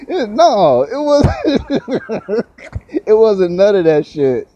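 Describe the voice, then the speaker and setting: Profane, animated man telling a story. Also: slow pace, pauses often, lo-fi sound. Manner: profane, laughs often, pitch leaps up when excited. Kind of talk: casual storytelling.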